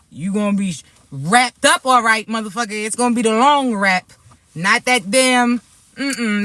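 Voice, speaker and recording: A woman's voice: on the high side, bright, forceful tone, no echo. A woman spiritual reader talking straight to her followers in a vlog, blunt and streetwise, swearing freely as she warns off enemies. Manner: blunt, profane, fired-up warnings; talks hard and streetwise. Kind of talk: direct-to-camera spiritual vlog.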